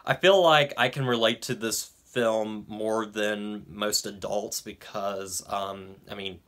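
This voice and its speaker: A man's voice: fairly low pitch, steady tone, takes it slowly, fairly bright tone. A young man giving a casual film review, hesitant, with frequent ums and restarts. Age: young adult.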